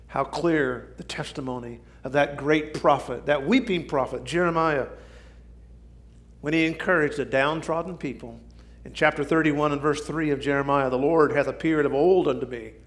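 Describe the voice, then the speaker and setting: A man preaching a sermon, swinging from shouting to near whisper for drama. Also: on the high side, moderate pace. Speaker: pastor.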